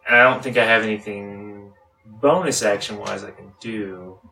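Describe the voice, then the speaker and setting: A man's voice: fairly low pitch, fairly even intonation, moderate pace, creaky, pushed and bright, soft background music. A man playing in a tabletop game, laid-back and dry as he talks through his turn. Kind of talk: casual game chat. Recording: roomy echo.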